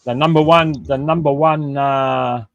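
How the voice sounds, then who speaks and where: A man on a casual livestream panel jokes and mocks the others, often turning to speak to the chat. His voice has a middle pitch and a dry, close sound. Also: fairly even intonation, measured pace, a bit bright, dry recording, highs cut off. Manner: joking, mocking, addresses the chat. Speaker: panel guest.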